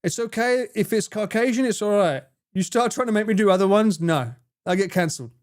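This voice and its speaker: A man's voice: high voice, a little fast, darkish tone. A man streaming live, chatting casually with his viewers, swearing freely and laughing a lot as he answers chat.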